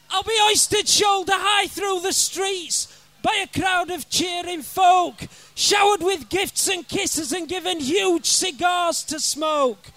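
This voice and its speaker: A man performing brash comic verse at a live gig, shouting at his listeners. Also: extremely high pitch, takes it slowly. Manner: brash, rowdy, bellowing at listeners. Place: live music venue.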